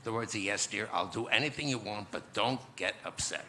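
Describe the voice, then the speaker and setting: A man in his nineties, speaking as a conference guest and recounting memories in a measured, reflective way with pauses. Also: on the low side, bright, forceful tone, a little hiss or hum. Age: 90s. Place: conference stage.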